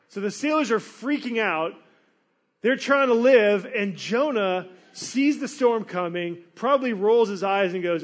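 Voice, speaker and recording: A man delivering a sermon with a high, light voice. He tells the story in a casual, animated way and keeps slipping into acted-out quotes. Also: normal speed. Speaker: pastor.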